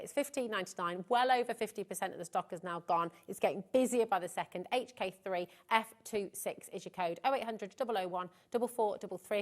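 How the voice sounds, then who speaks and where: Brief: woman, TV shopping presenter, gushing and upbeat, mid-pitched voice. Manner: gushing, enthusiastic sales patter. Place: TV studio.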